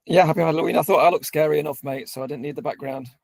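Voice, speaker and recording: Male co-host, gravelly, laid-back chat with ums, dry recording. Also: on the high side, very fast, no echo. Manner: relaxed, with frequent ums. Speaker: co-host of a coaching community update. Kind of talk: casual chat.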